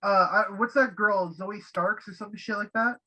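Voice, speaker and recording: Young male co-host, high bright voice, rambling and unsure of his facts. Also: steady tone, normal speed, low-quality recording. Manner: rambling, unsure, heavy swearing. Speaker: podcast co-host. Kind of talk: casual wrestling podcast chat.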